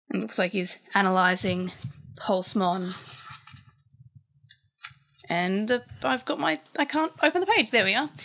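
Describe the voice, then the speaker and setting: A woman's voice: medium pitch, fairly bright tone. A young woman, chatting casually as a channel host while she translates a comic and thinks aloud.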